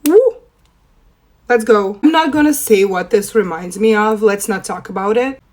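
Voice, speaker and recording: A young woman with a hoarse, rough voice from a cold, chatting playfully through a makeup tutorial. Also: normal speed, a little mellow. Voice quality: deep, rough voice. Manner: playful, self-mocking, chatty. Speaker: makeup vlogger. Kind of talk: casual makeup tutorial chat.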